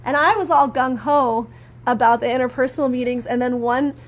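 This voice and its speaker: A spiritual teacher and prayer practitioner chats casually on a live stream about communication, rambling conversationally with lots of fillers. Her voice is high and a little fast, and she turns animated when acting out quoted anger.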